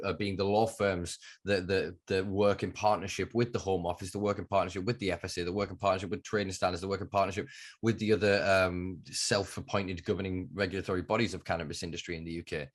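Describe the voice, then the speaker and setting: A passionate podcast host with a Northern English accent and a lowish voice. He argues emphatically and swears freely in casual conversation.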